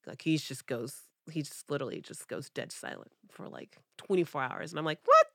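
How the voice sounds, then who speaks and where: A podcast co-host, an animated woman, tells a dating story in casual chat, acting out quotes with big pitch jumps. She talks fairly quickly with vocal fry, recorded in clean studio sound with no room sound.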